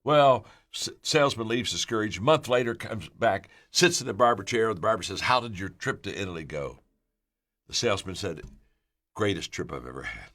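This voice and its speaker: An older man giving a motivational leadership talk, energetic and emphatic, telling stories and often repeating words as he gets going. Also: fairly low pitch, normal speed. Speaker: leadership speaker.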